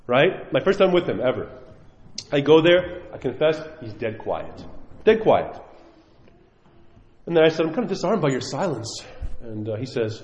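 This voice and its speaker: A man's voice: a little high, sing-song, moderate pace. A man giving a sermon, telling stories animatedly and acting out the voices he quotes. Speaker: preacher. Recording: echoey hall, dull lo-fi sound.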